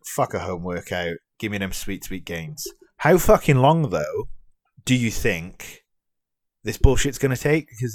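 Sweary British man ranting, low dry voice. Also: no room sound. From Britain. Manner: sweary, sarcastic ranting with many fillers. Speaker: vlogger. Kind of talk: ranting vlog.

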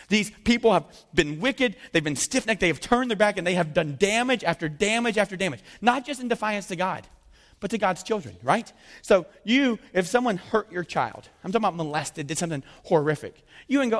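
A man preaching a sermon in an animated way, acting out the dialogue of the figures he talks about and often asking "right?" of his listeners. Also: high voice, brisk. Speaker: pastor. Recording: long hall reverb.

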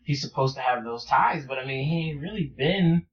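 A man's voice: medium pitch, animated, moderate pace, muffled recording. A man co-hosting a casual podcast, laid-back and joking, with some swearing. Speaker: podcast co-host.

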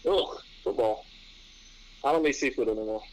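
A young man from New York answering questions in a casual interview, relaxed and rambling, with frequent restarts and laughs. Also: mid-range voice, moderate pace, rough recording. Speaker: interview guest, pro athlete.

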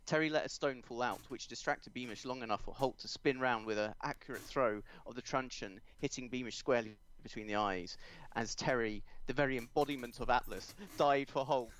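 A man's voice: mid-range voice, a little fast, few pauses, fairly bright tone. A man reading fan fiction aloud for comedy, playful, with self-corrections and asides.

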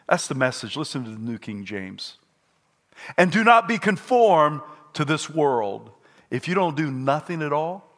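An older man preaching a sermon, repeating his points and rising to shouted peaks. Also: mid-range voice. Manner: repetitive and emphatic. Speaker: pastor.

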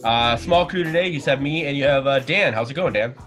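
A man's voice: medium pitch, brisk, fairly bright tone, faint music behind. A man hosting a casual sports podcast, talking in a rambling way with lots of fillers. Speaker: podcast host. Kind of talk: casual chat.

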